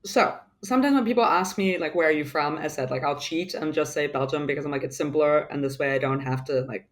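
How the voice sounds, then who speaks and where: A woman's voice: sits low, quick pace. A woman with a mixed English accent, a guest talking casually in an interview, rambling with many fillers and restarts. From United Kingdom. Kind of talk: casual conversation.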